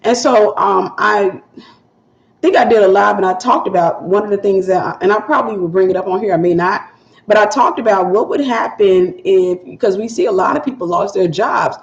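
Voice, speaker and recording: A woman talks to her livestream viewers early in the morning, her voice still sleepy and gravelly with fry. She chats loosely and repeats herself for emphasis. The sound is dull and lo-fi in an echoey room. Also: mid-range voice, moderate pace. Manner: chatty, repeats phrases, greets viewers. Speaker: livestream host and publisher. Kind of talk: casual morning livestream talk.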